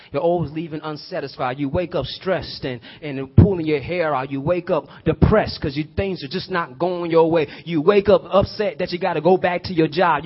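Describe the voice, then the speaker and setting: A man preaching a sermon, swinging from hushed prayer to shouted emphasis, using y'all and rhetorical questions to his listeners. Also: on the high side, slightly rough, dull audio. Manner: uses y'all and call-and-response questions.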